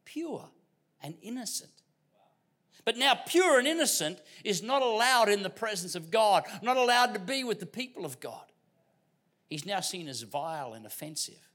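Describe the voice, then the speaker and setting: A middle-aged Australian man from Queensland preaching a sermon as a guest pastor, telling stories with humor and dropping to hushed tones. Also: high voice. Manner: storytelling with humor, dynamic swings from loud to hushed. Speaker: visiting pastor.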